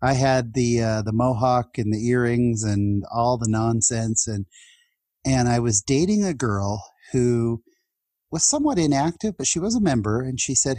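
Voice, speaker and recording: A husky-voiced man in his fifties tells personal stories as a podcast guest. He speaks in a heartfelt, chatty way and often starts his sentences over. The sound is close and dry, with no room echo. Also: medium pitch, expressive, normal speed, mellow. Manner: heartfelt and chatty, with laughs and restarts. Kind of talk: personal storytelling in an interview.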